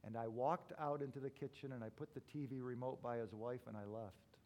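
A male pastor preaching a sermon, telling stories with big swings from loud to hushed. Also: medium pitch, a little fast.

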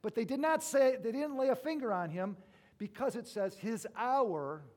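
A male pastor preaching a sermon, telling stories with big swings from loud to hushed. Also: very high voice, moderate pace.

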